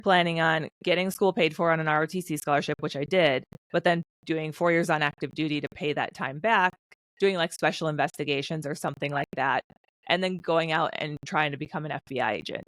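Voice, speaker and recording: A woman in her thirties, a former fighter pilot, chatting as a podcast guest in an animated storytelling way, acting out quotes. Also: low-pitched, no echo. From United States. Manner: animated storyteller, quick bursts, acts out quotes. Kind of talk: casual interview conversation.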